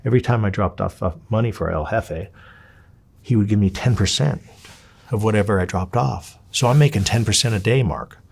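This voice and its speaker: A man from Los Angeles, an interview guest, telling his story in a casual, animated way. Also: fairly low pitch, a little fast, creaky, slightly rough. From Los Angeles, USA. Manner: animated, acts out quoted dialogue.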